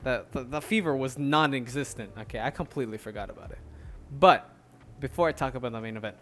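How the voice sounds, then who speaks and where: A man's voice: medium pitch, fast, a bit bright, slight background noise. A man hosting a solo podcast, chatting casually in a rambling way with lots of fillers. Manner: rambling, many fillers and restarts, laughs often. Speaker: podcast host.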